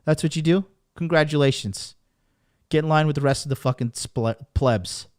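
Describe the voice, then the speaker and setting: A dating coach hosting his podcast speaks in a fairly high male voice at normal speed. His motivational rant is full of profanity and emphasis and keeps pounding the same points. The audio is clean studio sound with no room ambience.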